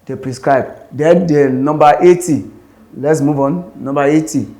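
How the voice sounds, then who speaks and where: A male tutor with a Nigerian English accent walks students through exam questions in a classroom. His voice sits a little high for a man, and he repeats each rule so it sticks. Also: a little slow, warm tone. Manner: explains step by step, repeats key points. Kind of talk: classroom lesson.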